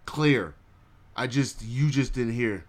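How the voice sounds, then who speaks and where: A man's voice: medium pitch, slow pace. A man hosting his own podcast, ranting bluntly and profanely to his live chat and laughing at his own jokes. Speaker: podcast host.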